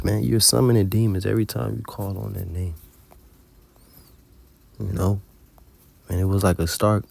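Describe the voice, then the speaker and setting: This religious teacher's voice is on the low side, a little mellow, with vocal fry and no room sound. He shares a dream as an informal religious testimony, storytelling in a colloquial way with lots of swearing.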